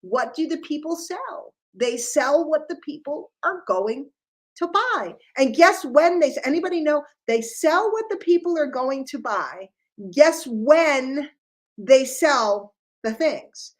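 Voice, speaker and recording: Speaking slowly in a high-pitched voice, a middle-aged woman from New York City fires rhetorical questions at her sales team during a lively business talk.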